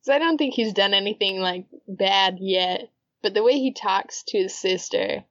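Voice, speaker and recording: A woman co-hosting a podcast chats casually, recapping a story at length and laughing often. Her voice is medium in pitch at a normal speed, with no room sound and the highs cut off.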